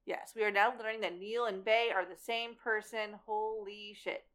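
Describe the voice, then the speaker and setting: A woman's voice: mid-range voice, steady tone, normal speed, fairly bright tone. A woman co-hosting a casual podcast, cutting in with wry, sarcastic asides and casual swearing. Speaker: podcast co-host. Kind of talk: casual chat.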